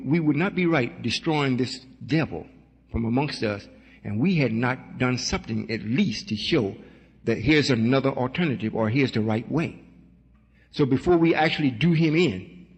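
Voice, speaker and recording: Husky preaching man with hall reverb. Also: mid-range voice. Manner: folksy preaching, acts out voices. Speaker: religious teacher. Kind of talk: sermon-style teaching with questions.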